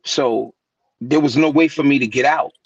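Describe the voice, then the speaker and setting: Over a call, a male guest rapper from New York tells stories at a moderate pace in a slightly rough voice, with no echo. This casual storytelling interview has him animated, voicing the people he quotes with big pitch leaps. The sound comes through a remote call mic and is dull, dry, lo-fi web call audio.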